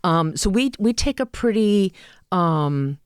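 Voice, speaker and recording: A woman speaking as a guest in an interview, an animated storyteller who acts out quoted dialogue. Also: medium pitch, takes it slowly, clean tone, dry recording, clean studio sound. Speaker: hospice and palliative care advocate. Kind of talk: interview conversation.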